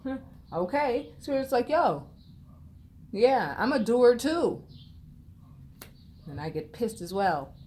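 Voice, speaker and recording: A woman tarot reader in a blunt, unscripted vlog rant, sassy and profane, swinging from loud scolding to low murmurs. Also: a little hiss or hum.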